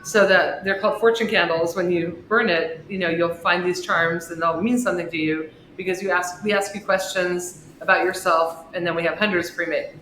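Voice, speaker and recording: A woman guest on a podcast, an author and shop owner, telling a personal story with big swings in pitch and volume. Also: moderate pace, hardly any pauses. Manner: expressive storyteller with wide swings in pitch and loudness. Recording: echoey room with faint noise.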